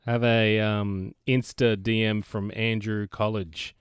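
A man co-hosting a podcast in casual chat, reading a listener's message aloud with quick asides. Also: on the low side, flat delivery, clean tone, no room sound, studio quality. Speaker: podcast co-host.

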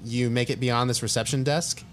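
A man's voice: medium pitch, fairly even intonation, normal speed. Young male game master, laid-back and loose, rambling with fillers; faint hiss behind. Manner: casual, rambling, lots of fillers. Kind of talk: narrating a tabletop game.

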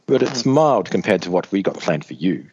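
A man voicing menacing prison inmates who taunt in a sneering, slow manner. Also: low-pitched, sing-song, a little mellow, breathy edge, exaggerated voice. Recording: dull lo-fi recording.

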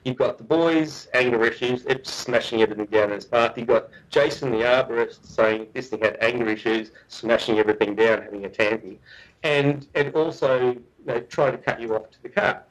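A man, a guest researcher, telling a story in a chatty, animated way with frequent restarts. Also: mid-range voice, fairly quick, poor audio. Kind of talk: casual storytelling.

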